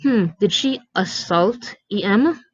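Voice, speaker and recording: A woman voicing a calm male store manager who asks even questions, in a dry, dull lo-fi recording. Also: medium pitch, slow, husky, no room sound.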